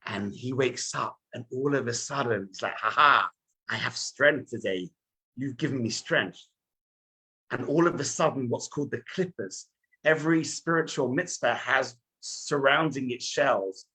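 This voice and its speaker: A man teaching as a rabbi in a lively sermon, telling stories and speaking straight to his listeners. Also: mid-range voice, breathy edge. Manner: animated storytelling, addresses listeners directly.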